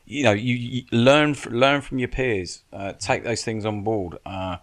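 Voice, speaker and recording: A man's voice: mid-range voice, a little slow, fairly bright tone. A man giving casual podcast advice as a guest, frank and blunt, swearing and restarting his sentences often. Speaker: stunt coordinator and military adviser, guest.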